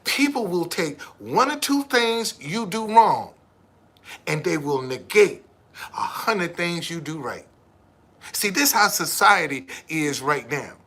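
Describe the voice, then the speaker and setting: A man's voice: high voice, bright, forceful tone, slightly rough. A man in his seventies with a missing tooth, ranting emphatically and swearing often on a live stream. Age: 70s. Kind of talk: profane motivational rant.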